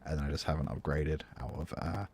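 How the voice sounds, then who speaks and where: His voice rumbles low, mellow with a breathy edge, keeping a steady tone at a fairly quick pace. He's a UK-born music teacher casually talking viewers through a live-streamed composition session, thinking aloud and answering the chat between steps.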